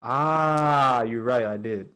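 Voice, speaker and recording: A young man in an easygoing podcast chat, his voice sitting at an ordinary middle pitch. He talks over an online call in a loose, jokey way and drops in casual slang. He reads listener questions with little formality. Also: lively intonation, moderate pace, crowd noise, poor audio. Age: young adult. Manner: laid-back, jokey, slangy.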